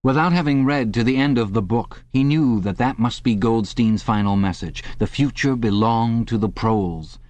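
A man reading an audiobook in a measured, dramatic scripted narration, close to the mic. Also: medium pitch, darkish tone, no echo.

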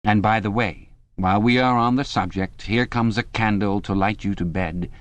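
A man voicing a thin, cultivated man with a quietly menacing, mocking sing-song. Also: lowish voice, fairly even intonation, normal speed, no echo, natural voice.

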